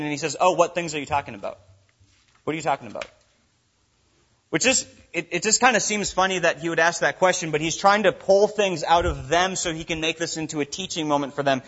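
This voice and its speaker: Man preacher, casual sermon delivery, slightly raised pitch, dull lo-fi sound. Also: sharp tone. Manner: conversational, uses many fillers like "like" and "kinda".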